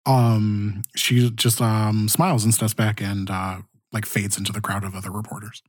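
A man narrating as game master of a tabletop game, halting with many fillers. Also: on the low side, flat delivery, no room sound, studio quality.

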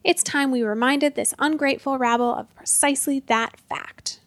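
A woman's voice: high-pitched, fairly even intonation, moderate pace, no echo, close to an everyday voice. A woman voicing a blustering, bossy old male hotel owner who growls his orders.

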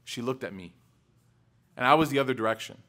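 A religious speaker with a medium-pitched voice talks at a quick pace during a lecture before a live audience. His style is casual and full of "like" and "right?" as he recounts lively personal stories and often tests his listeners with questions.

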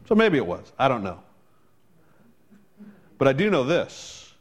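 A man's voice: medium pitch, wildly swooping pitch, measured pace. Man preaching a chatty storytelling sermon. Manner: conversational storytelling, wry asides. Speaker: pastor.

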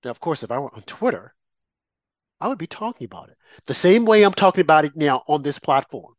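Emphatic man with a raised pitch. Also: sing-song, fairly quick, no room sound. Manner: emphatic and repetitive, mocking asides. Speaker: political commentator. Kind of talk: opinionated commentary monologue. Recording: dry, slightly muffled lo-fi audio.

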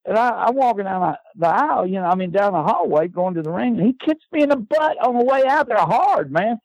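An older man, a guest and former wrestling manager, telling lively anecdotes and often ending his lines with "man". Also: high voice, quick pace, few pauses, dry recording, low-quality recording.

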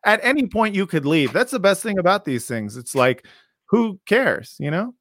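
A man hosting a casual podcast, talking in a rambling, halting way with many fillers and restarts. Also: high voice, big pitch swings, fairly bright tone. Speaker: podcast host.

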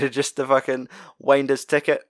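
A man's voice: mid-range voice, completely flat delivery, moderate pace, no room sound, studio quality. Sweary man chatting casually. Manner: sweary, rambling, laughs often. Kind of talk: casual film discussion.

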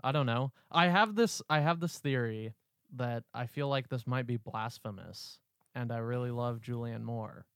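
A man's voice: medium pitch, moderate pace, smooth, dry recording, clean studio sound. A man co-hosting a film podcast, thinking aloud in an earnest, hedging way. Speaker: podcast co-host. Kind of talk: casual film discussion.

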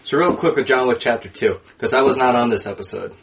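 A man co-hosting a casual movie podcast, relaxed and chatty, often trailing off mid-thought. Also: medium pitch, fast. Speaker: podcast co-host. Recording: noticeable background hiss.

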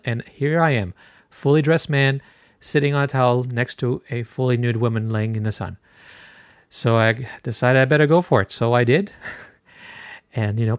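A middle-aged man hosting a podcast, telling a personal story in a relaxed, chatty way with many filler words. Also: medium pitch, no room sound. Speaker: podcast host.

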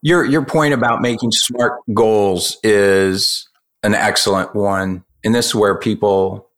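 A man with a fairly low voice, co-hosting a podcast. He lays out his points in a measured, explanatory way, building each argument step by step. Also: steady tone, fairly bright tone. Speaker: podcast co-host. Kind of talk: casual business podcast chat.

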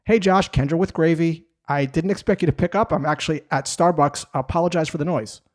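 A man's voice: medium pitch, animated, moderate pace, darkish tone, lightly acted. A man voicing an upbeat, friendly female saleswoman making a chatty cold call in a role-played sales scene. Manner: cheerful, chatty.

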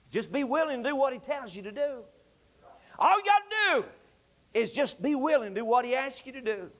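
A man's voice: very high-pitched, expressive, normal speed. A male pastor preaching a fervent, emphatic sermon. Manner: fervent, emphatic, repetitive exhortation.

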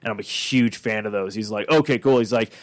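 A man's voice: on the low side, fairly quick, no echo. A podcast host, a man, telling a rambling casual story full of fillers and restarts, acting out the quoted lines. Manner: acts out quoted dialogue.

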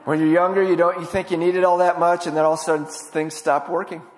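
A male pastor preaching a sermon, swinging from loud emphatic lines to hushed ones. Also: on the high side, little pitch movement, quick pace, long reverb tail.

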